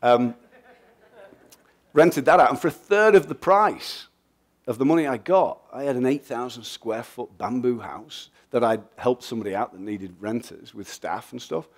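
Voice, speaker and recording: A middle-aged man from England with an English accent, giving a lively, joking and blunt motivational talk at a festival, answering audience questions. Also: medium pitch, moderate pace. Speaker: guest speaker.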